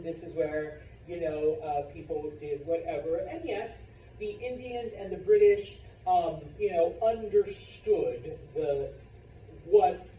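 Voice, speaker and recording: A man's voice: sits high, slight background noise. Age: adult. Sex: man. Style: casual history lecture. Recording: distant, roomy, dull classroom sound. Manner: loose and jokey, acts out people's voices. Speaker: history teacher.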